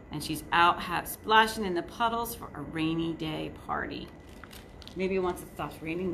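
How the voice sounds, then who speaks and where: A woman librarian reading a picture book and leading a virtual circle time for young children, speaking gently and directly to them. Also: sits low, creaky, a little hiss or hum. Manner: warm, gentle, addressing children. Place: indoors at a table. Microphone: phone camera.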